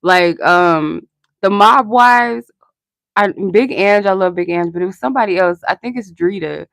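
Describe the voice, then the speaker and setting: A woman's voice: mid-range voice, moderate pace, creaky, fairly bright tone, dry recording, studio quality. A young woman hosting a live-stream tarot reading, chatty and rambling, answering her chat and laughing often.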